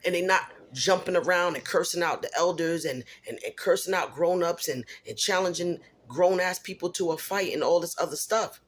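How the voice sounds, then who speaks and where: A woman's voice: fairly low pitch, normal speed, hardly any pauses, breathy edge. A middle-aged single mother venting in a personal vlog, blunt and emphatic, repeating herself for stress.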